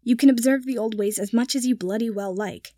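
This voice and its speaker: A woman's voice: fairly high pitch, brisk, mellow, no room sound, natural voice. A sour young nobleman with a clipped, muttering delivery, as a woman reads him in a storybook telling. The voice is dry and close. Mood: irritated.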